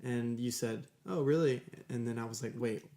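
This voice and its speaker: A man's voice: medium pitch, moderate pace, dark tone. A young man on a casual podcast, joking with his co-hosts in a wry, teasing way. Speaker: podcast co-host. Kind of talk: casual banter.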